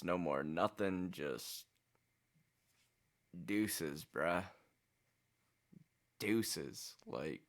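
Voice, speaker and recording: Brief: very deep, gravelly-voiced man, slow reaction-video commentary. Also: a bit bright. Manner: subdued, reflective, trailing off.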